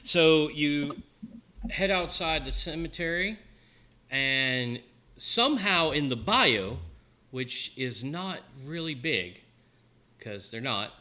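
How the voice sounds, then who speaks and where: A man runs a tabletop game as game master, narrating scenes in an unhurried, easygoing way. His voice is bright and forward. He rambles casually and fills his pauses with ums. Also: medium pitch.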